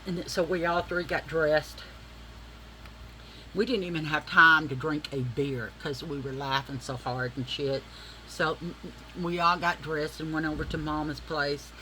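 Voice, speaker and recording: A woman vlogging as she does her makeup, telling a story in a chatty, animated and profane way, acting out the people in it. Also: low-pitched, unhurried, a little hiss or hum, rough recording. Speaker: beauty vlogger.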